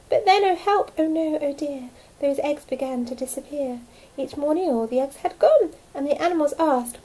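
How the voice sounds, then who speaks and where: A woman teacher reading a picture book aloud to young children, gentle and lively with hushed asides. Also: fairly high pitch, slight background noise, poor audio. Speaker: primary school teacher.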